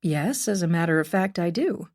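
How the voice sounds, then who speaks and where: A woman's voice: on the low side, lively intonation, normal speed, darkish tone. A woman voicing a polite, eager young woman. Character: earnest young woman asking questions about a dead neighbor.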